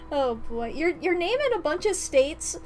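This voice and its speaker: Brief: woman streamer, rambling giggly chat, unhurried delivery, faint music behind. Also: extremely high pitch, wildly swooping pitch, darkish tone. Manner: rambling, giggly, playful slang. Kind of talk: casual chat during an ad break.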